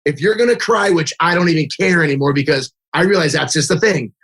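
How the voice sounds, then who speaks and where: In a relaxed interview, a man who coaches youth baseball speaks fast in a slightly high, bright voice. He tells stories, fills his talk with "like," and performs both his own lines and the kids' quotes.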